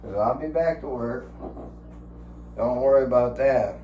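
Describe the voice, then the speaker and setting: A man's voice: medium pitch, a little slow, muffled recording. Rambling, profane man in his sixties. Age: 60s. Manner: profane, chuckling storyteller. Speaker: vlogger. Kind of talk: rambling casual vlog. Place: his home. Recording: echoey room with faint hum.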